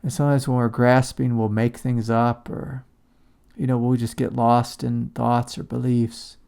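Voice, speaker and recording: A man giving a calm, reflective spiritual talk as a teacher. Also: mid-range voice, measured pace, gravelly, clean tone. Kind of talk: satsang talk on shadow work.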